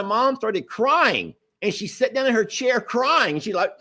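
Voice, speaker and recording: Animated man telling a story. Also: sits high, slow pace. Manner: animated, apologetic, acts out quotes with laughs. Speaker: host telling a family story to live viewers. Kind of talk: casual storytelling livestream.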